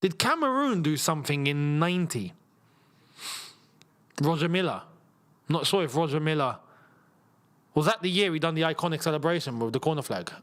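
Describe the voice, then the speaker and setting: A young man hosting a live football watchalong, chatting casually and reacting loudly to chances on the pitch. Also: animated, normal speed, pauses often. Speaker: football channel host. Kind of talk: live match watchalong chat.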